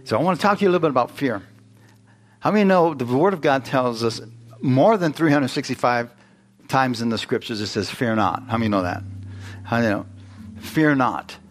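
A man's voice: mid-range voice, expressive, a little fast. A man preaching a sermon, emphatic and questioning his congregation, rising into exclamations. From United States.

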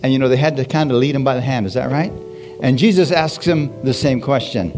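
A man preaches at a middling pitch, animated and repetitive, breaking in with hallelujahs. A soft guitar plays quietly underneath. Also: brisk. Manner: animated, repeats phrases, frequent hallelujahs. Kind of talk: sermon.

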